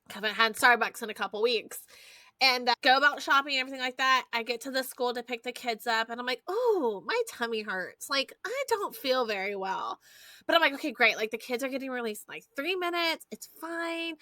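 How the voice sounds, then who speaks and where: A woman, hosting a podcast and telling stories in a lively, foul-mouthed, chatty way. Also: sits high, moderate pace, no room sound. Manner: animated storyteller, swears freely, addresses listeners as y'all. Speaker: podcast host. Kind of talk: casual chat.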